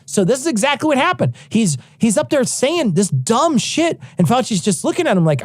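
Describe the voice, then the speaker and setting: A man's voice: extremely high pitch, sing-song, normal speed, no echo, clean studio sound. A man co-hosting a podcast, ranting heatedly with lots of swearing. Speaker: podcast co-host. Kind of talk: casual podcast chat.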